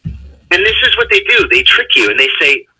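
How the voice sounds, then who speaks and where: A man, a radio interview guest, telling a personal story in an animated way with vivid swings of pitch. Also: normal speed, husky, rough recording.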